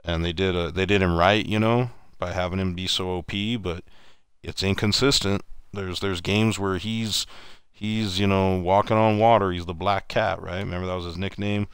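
A man with a very low, smooth and resonant voice rambles through a story as he plays, restarting sentences as he goes. The sound is dry and close, with no room echo. He chats loosely and casually to his viewers. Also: fairly even intonation, normal speed. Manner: mimics other people in raised voices when retelling stories. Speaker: streamer. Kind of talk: casual storytelling over gameplay.

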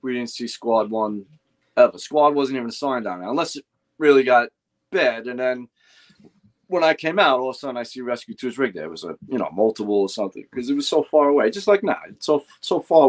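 An older retired fire lieutenant with a New York accent is a guest in a casual storytelling chat, telling animated, profane anecdotes from his firefighting days and acting out what others said. He speaks briskly at medium pitch.

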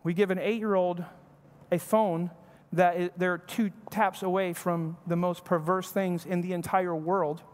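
In a church sanctuary, a male pastor with a high voice preaches a sermon at a slightly slow pace and with flat delivery. He speaks conversationally and acts out short bits of family dialogue, with the church hall's reverb audible.

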